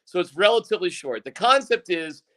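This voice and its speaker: Man, veteran sports radio guest, high voice, bright and sharp tone, jokey and animated. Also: fairly quick. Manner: animated, jokey, acts out his own reactions. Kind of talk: casual sports chat.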